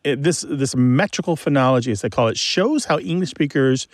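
A man's voice: mid-range voice, fairly quick, no echo. A man co-hosting a radio show about language, explaining word stress enthusiastically to a caller. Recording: dry studio mic.

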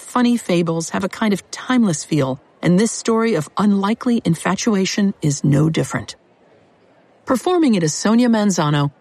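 A woman host giving a scripted, measured introduction. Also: lowish voice, a little mellow, no room sound.

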